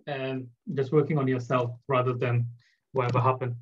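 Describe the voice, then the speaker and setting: A man's voice: mid-range voice, little pitch movement, normal speed. Easygoing male host, dull lo-fi sound. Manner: easygoing, agreeable, relates with own examples. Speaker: podcast host. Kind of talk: casual interview talk.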